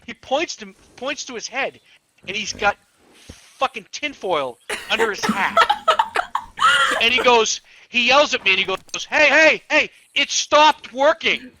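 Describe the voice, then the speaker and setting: Over a rough recording, a man with a high voice, a police officer, chats casually and tells stories while gaming. He's animated, cursing freely, breaking into laughter partway through and performing the voices of the people he quotes.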